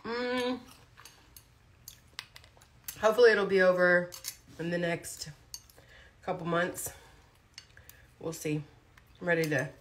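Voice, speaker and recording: A woman's voice: lowish voice, fairly even intonation, slow, long pauses. A woman talking casually on a livestream, blunt and chatty, chewing food as she speaks. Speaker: vlogger.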